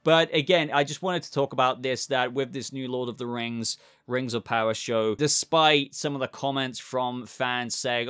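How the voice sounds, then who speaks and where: A man's voice: mid-range voice, normal speed, few pauses, fairly bright tone, clean tone, dry recording, clean studio sound. A man hosting a pop-culture news channel, talking chatty and upbeat with rambling asides. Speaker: channel host.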